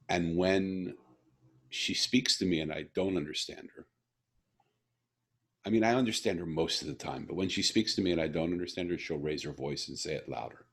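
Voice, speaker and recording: With a rumbling low, husky voice, a middle-aged man hosts a podcast interview full of heart. He tells his stories with earnest emotion and keeps restarting his sentences.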